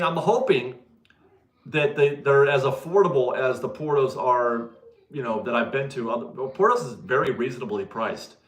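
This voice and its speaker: A man's voice: mid-range voice, bright, forceful tone, echoey room. A man hosting a casual livestream, chatting, laughing often and correcting himself as he answers viewers. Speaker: livestream host reading viewer donations.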